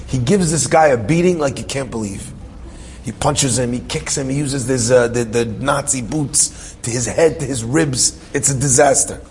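A man's voice: medium pitch, moderate pace, darkish tone, a little hiss or hum. A man telling a dramatic story as a sermon, emotional and full of restarts and repeated phrases. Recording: reverberant hall with faint ambience.

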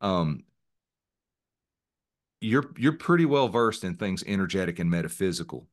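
A man hosting an interview podcast, relaxed, asking open questions. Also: low-pitched, a little slow. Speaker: podcast host. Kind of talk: conversational interview.

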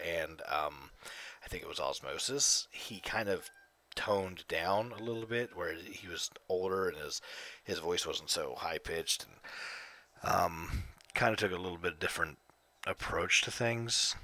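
A man's voice: deep voice, normal speed, sharp tone. A man hosting his own casual solo podcast, talking close to the mic in profane, rambling rants. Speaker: podcast host. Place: home, evenings. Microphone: close desk mic.

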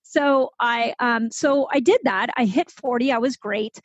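A woman in her fifties, a health expert guest, telling her own story in a lively conversational way and acting out the voices of people she quotes. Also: fairly high pitch, husky, no echo, muffled recording. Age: 50s. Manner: animated, quick to act out quoted voices.

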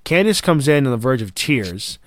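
Excitable man reviewing wrestling. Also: medium pitch, normal speed, no echo. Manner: excitable, swears, acts out quotes. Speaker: podcast co-host. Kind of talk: casual wrestling review chat.

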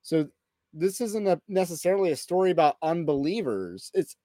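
Man, podcast host, critical commentary, argumentative, slightly high voice, dry close recording. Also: expressive, moderate pace, warm tone, no room sound. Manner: rebuts point by point, argumentative.

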